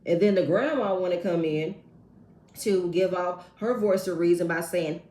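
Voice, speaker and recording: A woman's voice: lowish voice, a little slow. Sassy woman recapping reality TV. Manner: sassy, expressive, with slangy asides. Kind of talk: casual TV recap commentary. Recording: echoey room.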